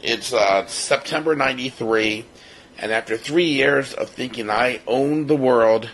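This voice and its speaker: A man's voice: medium pitch, unhurried, a little hiss or hum, low-quality recording. A man in his fifties from Baltimore, co-hosting a podcast and telling a personal story, acting out what others said. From Baltimore, United States. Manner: lively storyteller who acts out the other people's lines. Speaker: podcast co-host.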